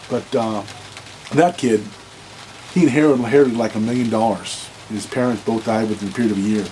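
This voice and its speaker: In a loose, unscripted monologue to camera, a blunt man hands out dating advice in an ordinary mid-pitched voice. He rambles, restarts sentences, and trips over repeated words, sounding animated, quick and a bit dark. The poor audio carries a faint hiss or hum.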